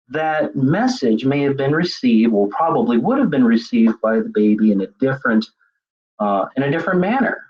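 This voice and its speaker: Husky man giving a webinar. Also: fairly high pitch. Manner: conversational, repeats words while thinking. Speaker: webinar presenter. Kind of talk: webinar lecture. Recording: dull lo-fi web seminar audio.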